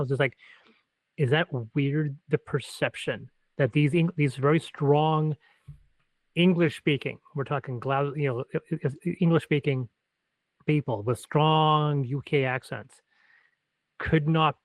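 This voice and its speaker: Canadian guy cohosting, talks in loops and restarts, kinda high voice, dry sound. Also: normal speed, dry recording, poor audio. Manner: rambling, self-correcting, animated storyteller. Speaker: podcast co-host. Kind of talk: podcast chat.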